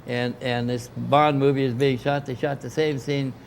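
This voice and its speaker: Older man, rambling storyteller voicing quoted people, mid pitch, faint noise behind. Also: little pitch movement, normal speed, creaky. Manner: rambling anecdotal, acts out quoted dialogue. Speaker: interviewee recounting experiences. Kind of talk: casual storytelling.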